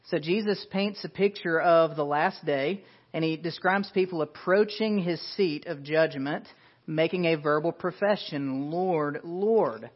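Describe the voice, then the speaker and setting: A man's voice: fairly high pitch, a little slow. A man preaching a sermon as pastor, earnest and emphatic, asking rhetorical questions. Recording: dull lo-fi sound.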